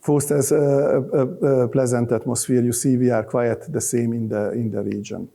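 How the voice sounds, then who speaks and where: A man's voice: medium pitch, little pitch movement, normal speed, gravelly, dark tone. A middle-aged man with a Hungarian accent, giving a loose, joking conference talk full of restarts and fillers. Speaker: conference speaker. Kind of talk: live conference presentation. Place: conference hall.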